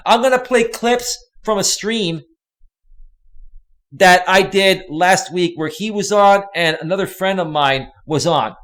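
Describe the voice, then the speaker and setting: Here a live streamer with a high-pitched, fairly bright voice rants angrily. Swearing all the while, he talks directly to the viewers in his chat and uses their names.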